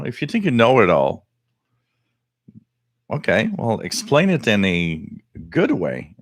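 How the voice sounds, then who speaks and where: A man's voice: fairly low pitch, fairly bright tone, no room sound, studio quality. A middle-aged French Canadian man, French his first language, hosting a live radio hobby stream in casual, rambling chat with many fillers. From Quebec, Canada. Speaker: host.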